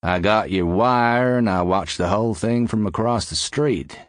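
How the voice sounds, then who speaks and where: A man voicing an easygoing, satisfied male businessman with a relaxed, drawling delivery. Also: lowish voice, measured pace, no echo, studio quality, lightly acted.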